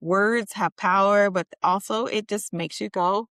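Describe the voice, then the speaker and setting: Chatty female podcast co-host, mid-pitched. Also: measured pace, dry recording, studio quality. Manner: lively, affirming, chatty. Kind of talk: casual chat.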